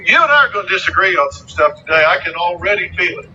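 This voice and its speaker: Guy hurling insults in a heated argument, really bright voice, bounces up and down. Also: high voice, expressive, fast talker, lo-fi sound, soft background music. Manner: insulting, taunting, repeats jabs.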